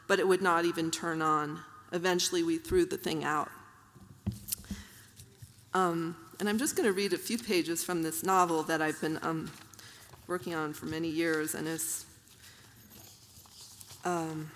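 A woman author reading her own prose aloud at a literary reading, measured and even, with soft fillers between passages. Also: fairly low pitch. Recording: long hall reverb.

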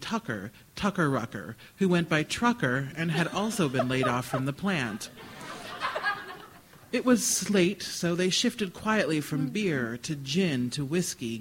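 At a live event, a male author reads literary fiction aloud in a dry, wry manner. His voice sits somewhat high for a man, and the audio is poor.

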